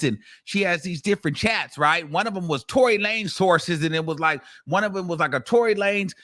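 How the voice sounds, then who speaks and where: With plenty of swearing, animation and bursts of laughter, a man tells a courtroom story while hosting a casual commentary show. His voice is on the high side.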